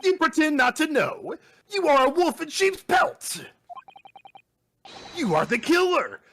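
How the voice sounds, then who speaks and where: A man's voice: very high-pitched, big pitch swings, unhurried, a bit bright, slight background noise, pitched above the performer's own voice, heavily acted. A man putting on a mock Russian-French accent for a threatening foreign sailor, in broken English. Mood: menacing.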